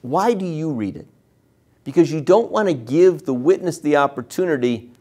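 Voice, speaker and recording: A man's voice: on the high side, lively intonation, moderate pace, warm tone. A man teaching trial advocacy, explaining cross-examination step by step and acting out sample questions to a witness. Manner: acts out lawyer and witness exchanges in a raised voice.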